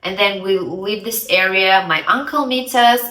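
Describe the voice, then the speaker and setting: A woman telling a story in a chatty, animated way and acting out the dialogue. Her voice is bright and forward. The sound is roomy and picked up from a little way off the mic. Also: medium pitch, unhurried, a little hiss or hum. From Russia. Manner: chatty, acts out the dialogue, many "like" fillers. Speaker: vlogger. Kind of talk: casual storytelling. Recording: roomy, somewhat distant mic.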